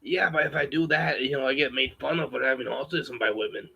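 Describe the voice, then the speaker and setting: A campy spy-spoof man, put on by a man talking at home. The voice is pushed higher and sounds strained and bright. A gravelly, husky texture runs through it, picked up by a webcam or phone mic. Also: a little fast, muffled recording, exaggerated voice. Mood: complaining. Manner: pitched-up, strained delivery. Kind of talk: put-on character voice while chatting.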